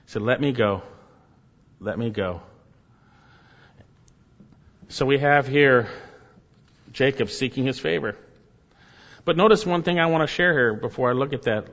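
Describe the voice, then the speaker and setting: A man preaching a sermon, asking rhetorical questions and repeating key phrases, his voice swinging from high and loud to low and quiet. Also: moderate pace, pauses often. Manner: repeats key phrases, rhetorical questions, rises and drops sharply in pitch and volume. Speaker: pastor. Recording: dull sound in a hall with long echo.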